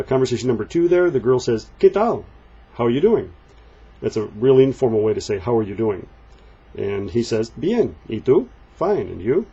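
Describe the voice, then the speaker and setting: A man walking through a Spanish textbook page, patiently explaining and reading the example phrases slowly. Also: on the low side, creaky, warm tone, breathy edge, dull audio. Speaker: Spanish teacher. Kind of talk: textbook walkthrough lesson.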